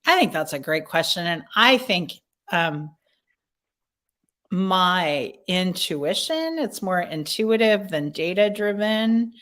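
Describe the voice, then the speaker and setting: A woman guest in a casual podcast interview, thinking aloud slowly with many fillers and restarts. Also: lowish voice, sing-song, a bit bright. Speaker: leadership consultant guest.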